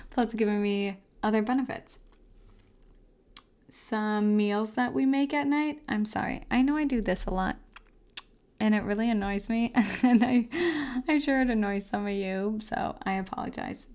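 A woman's voice: mid-range voice, darkish tone. A young woman hosting a casual solo health podcast from home, chatting in a rambling way with lots of fillers and frequent laughs. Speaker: podcast host. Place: house, indoors.

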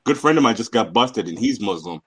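A man's voice: lowish voice, animated, a little fast, fairly bright tone, slightly rough. A man in a casual panel chat, telling street stories with plenty of swearing. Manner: streetwise storytelling, profane. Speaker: panel guest.

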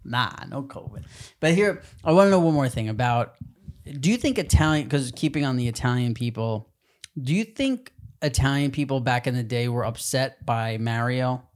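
A man's voice: medium pitch, expressive, moderate pace. A man co-hosting a podcast, chatting casually, joking and laughing often. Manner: jokey, laughs often, does goofy voices. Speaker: podcast co-host.

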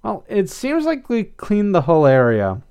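A man's voice: high-pitched, wildly swooping pitch, normal speed, clear, resonant tone, pitched above the performer's own voice, full character voice. A man voicing an upbeat, encouraging teenage girl in a read-aloud story. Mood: thoughtful. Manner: reassuring, bright, upbeat.

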